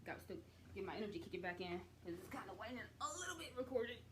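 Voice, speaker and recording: A young adult woman recaps and reviews a TV series in a chatty, expressive way, using casual slang and the odd swear. Her medium-pitched voice comes rapid-fire, with a little hiss or hum in the recording.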